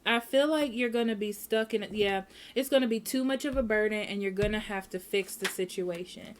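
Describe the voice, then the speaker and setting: A woman's voice: medium pitch, a little fast, a little hiss or hum. A woman giving a casual tarot reading at home, speaking frankly and repeating herself, often checking in with "okay?". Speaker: tarot reader.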